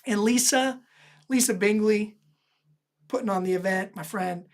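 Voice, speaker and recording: A woman host animatedly telling a personal story, lively and self-deprecating, laughing often. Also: medium pitch, a little slow. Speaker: host recounting her own stories.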